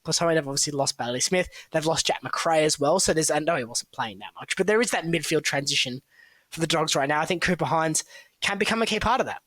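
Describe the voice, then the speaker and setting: A man's voice: on the high side, quick pace, a bit bright, no room sound. A man talking casually on a podcast, analysing football picks with plenty of fillers and hedges. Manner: chatty, analytical, hedging with fillers. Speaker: football draft analyst, co-host.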